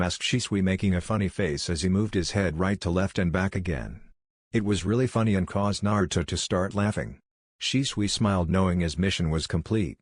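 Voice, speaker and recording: A man narrating a fan fiction story in an even, steady reading voice. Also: sits low, normal speed, no echo, studio quality.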